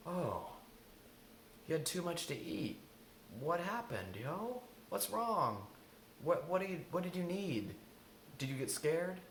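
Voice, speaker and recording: A man doing a soft high soothing inner nurturer. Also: very animated, slow pace, long pauses, reverberant, a little hiss or hum, full character voice. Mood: coaxing. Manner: soft, coaxing questions. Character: gentle soothing inner nurturer, male, kind.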